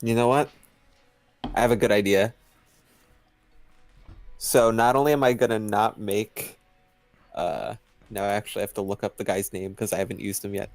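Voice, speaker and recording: A man's voice: on the low side, fairly even intonation, normal speed, long pauses, soft background music. A young man co-hosting a live stream, chatting casually and rambling with restarts and chuckles. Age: young adult. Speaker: stream co-host. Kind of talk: casual chat while writing.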